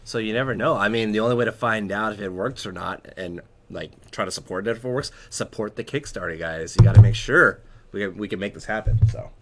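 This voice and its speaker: A man's voice: fairly low pitch, fairly quick, slight background noise. A man hosting a casual live stream who talks with eager enthusiasm and sometimes speaks through a mouthful of food. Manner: animated, enthusiastic, talks while chewing. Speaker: host.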